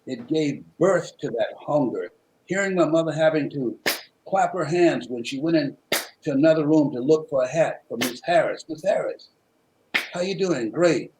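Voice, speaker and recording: A man's voice: a little high, expressive, moderate pace, noisy background. A man from Miami, a motivational speaker, telling a personal story in a preacherly way with rhythmic repetition. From Miami, Florida. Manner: preacherly, with rhythmic repetition and dramatic swings in loudness.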